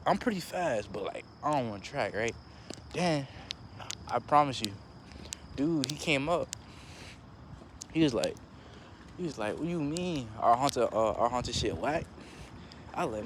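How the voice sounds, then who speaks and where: A young man telling a casual story in a slangy, animated way, jumping into higher voices for quotes. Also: normal speed, pauses often, slight background noise.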